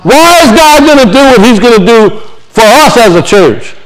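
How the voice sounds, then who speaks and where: A man's voice: very high-pitched, lively intonation, normal speed, low-quality recording. A man preaching a sermon, reading scripture aloud and then expounding on it with emphatic repetition. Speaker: pastor.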